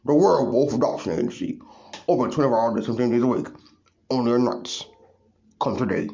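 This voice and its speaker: A man voicing a friendly male werewolf salesman who makes a rambling pitch broken by howls. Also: lively intonation, brisk, mellow, close to an everyday voice. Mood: salesy. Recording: dull lo-fi recording.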